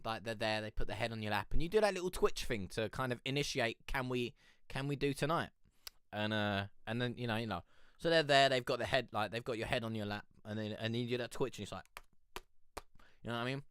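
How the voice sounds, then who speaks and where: A man's voice: medium pitch, a bit bright, clean tone, no echo, clean studio sound. A man with a cold, hosting a casual music review chat, rambling and swearing freely. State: has a cold.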